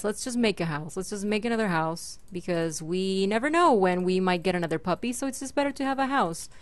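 A young woman with a mid-range voice hosts a gaming channel, chatting through a Minecraft let's play on a dry recording. She talks to mobs and her pet along the way and squeals whenever something startles her.

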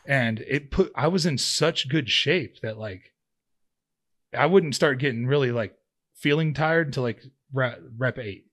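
Speaking unhurriedly in a fairly bright, mid-range voice, this podcast guest, an ex-pro football player in his thirties, rambles through a lengthy story. He restarts often and leans on fillers, keeping the interview casual.

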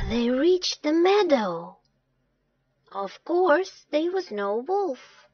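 A woman storyteller narrating a children's storybook in a slow, expressive way. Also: fairly high pitch, no echo. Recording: dull lo-fi dry recording.

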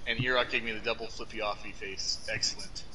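A man's voice: fairly low pitch, steady tone, quick pace, background noise. A man co-hosting a live stream from his basement, chatting casually, laughing a lot and reading out chat messages. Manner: laughs often, reads out chat. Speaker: streamer co-host. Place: home basement.

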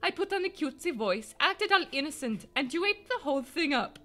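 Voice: sits high, very animated, fairly quick, sharp tone, soft background music, full character voice. A player voicing a scheming, scornful aristocratic bird lady in a game, with a cold, haughty manner.

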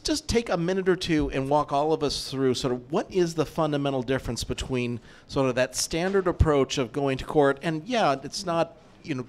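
A man, a lawyer, asks a long question at a meetup, rambling and halting with many fillers. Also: on the high side, a little hiss or hum. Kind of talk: Q&A moderator question.

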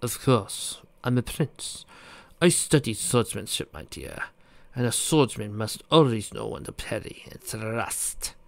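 Scheming prince read by a man, smug, quiet, measured, dry sound. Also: fairly low pitch, expressive, gravelly, no echo. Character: scheming smug male prince, power-hungry.

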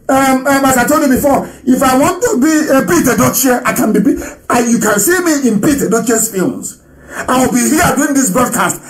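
A middle-aged man from Nigeria speaks in a fairly high voice during a live broadcast. He is scornful and animated, laughing often and swinging between loud outbursts and low muttered asides. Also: rough recording. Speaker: broadcaster addressing listeners.

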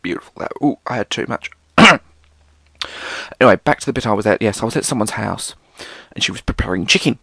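A British man rambling through a casual solo podcast, sweary and theatrical. His voice sits fairly low and gravelly but swoops around animatedly. The sound is close and completely dry. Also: expressive, fairly quick, bright, forceful tone, no echo. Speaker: podcast host.

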